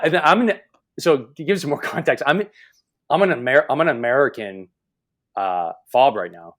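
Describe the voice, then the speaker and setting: A man's voice: mid-range voice, big pitch swings, moderate pace, a bit bright. Canadian man swearing through a story. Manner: swears freely, laughs often. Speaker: podcast host. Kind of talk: casual chat.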